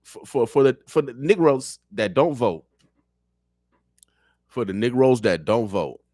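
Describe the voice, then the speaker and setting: A man's voice: mid-range voice, lively intonation, a little slow, a little mellow, no room sound, studio quality. A man speaking as a radio show guest, talking politics in a fiery, preacher-like way and repeating phrases for emphasis. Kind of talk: impassioned political talk. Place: radio studio.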